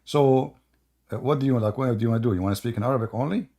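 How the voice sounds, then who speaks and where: Gravelly-voiced man hosting a mocking livestream. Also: mid-range voice, very fast, dark tone. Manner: mocking, joking, laughs at his own stories. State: tired voice. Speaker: host. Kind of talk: casual livestream chat.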